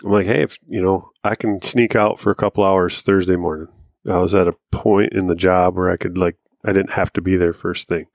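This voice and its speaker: In studio-quality audio with no room sound, a podcast co-host in his thirties casually spins a long, swear-filled tale about hunting and fishing, breaking into laughs. He talks fairly quickly in a deep voice with little pitch movement.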